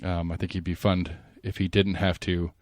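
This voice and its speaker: A man hosting a casual podcast chat speaks in a low voice at a moderate pace, rambling, restarting and using plenty of fillers in an animated way. The sound is dry and close, with no room sound.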